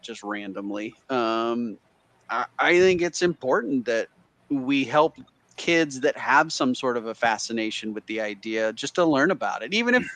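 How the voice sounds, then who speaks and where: A man's voice: mid-range voice, a bit bright. A man on a live stream video call, chatting casually and encouragingly, often tagging his points with "right?".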